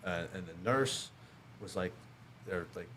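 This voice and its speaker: A man's voice: low-pitched, a little slow, sharp tone, slight background noise. A man in his fifties telling a casual, self-mocking story as a podcast guest. He acts out the other people in the story as he goes. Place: podcast studio.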